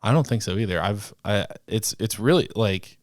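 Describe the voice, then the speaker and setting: A man's voice: on the low side, normal speed, no echo, studio quality. A man co-hosting a podcast, chatting casually and explaining things at length as he thinks aloud. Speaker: podcast co-host. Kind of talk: casual chat.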